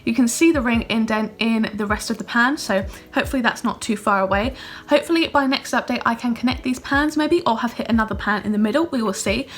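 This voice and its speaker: A woman in her twenties talks through her makeup in a rapid, chatty stream, her voice sitting a little high. She fills her sentences with casual asides. It is recorded on a phone in her bedroom. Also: a little hiss or hum. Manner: chatty, upbeat, lots of fillers like "like" and "kind of". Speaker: beauty vlogger. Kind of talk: casual chatty product review. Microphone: phone camera.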